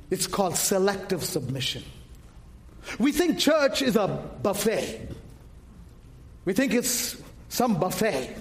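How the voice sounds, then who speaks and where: A male preacher delivers a sermon in a high voice that rises to shouts and drops low again. He calls questions straight to the congregation and keeps them answering.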